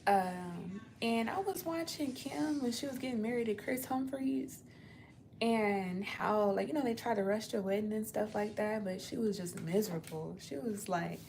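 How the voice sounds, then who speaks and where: Young woman host, laid-back slangy live chat, gravelly edge, tired. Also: medium pitch, moderate pace, darkish tone, slight background noise. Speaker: livestream host. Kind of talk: casual livestream chat. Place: her apartment.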